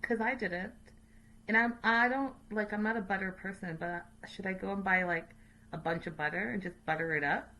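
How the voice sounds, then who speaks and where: A woman hosting a casual, chatty recap show, opinionated and quick to laugh. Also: mid-range voice, bright, forceful tone. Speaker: host.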